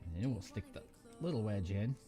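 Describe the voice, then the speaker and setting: A man's voice: lowish voice, animated, a little fast, music in the background. A man hosting a live build stream, chatting casually and rambling, often breaking off mid-sentence and swearing now and then. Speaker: live-stream host building model kits.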